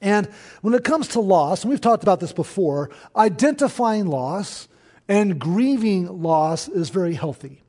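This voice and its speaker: A man preaching a sermon to his church, in an earnest, conversational way with pauses. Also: high voice, expressive, a little mellow, husky. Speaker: pastor.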